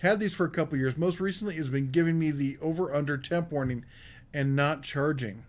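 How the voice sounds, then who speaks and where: Male host, rambling and casual, slightly high-pitched, reading chat comments on a live show. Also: a little fast. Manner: casual and rambling, with many fillers. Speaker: podcast host.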